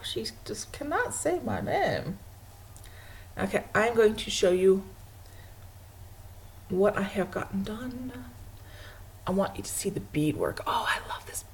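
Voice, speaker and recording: A woman's voice: fairly high pitch, darkish tone, a little hiss or hum. A woman hosting a knitting video podcast from home, chatting casually and laughing often while she shows her projects to a webcam.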